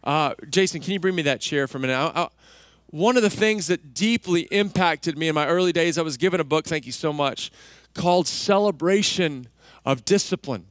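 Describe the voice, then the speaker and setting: Conversational pastor preaching a sermon. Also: male voice, a little high, no echo. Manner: conversational, self-deprecating storytelling; soft and slow in prayer.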